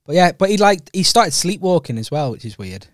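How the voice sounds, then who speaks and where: A man's voice: sits high, sing-song, fairly quick, dry recording, clean studio sound. A young Welsh man co-hosting a podcast, telling rambling stories in a casual chat and laughing often. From Wales. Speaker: podcast co-host.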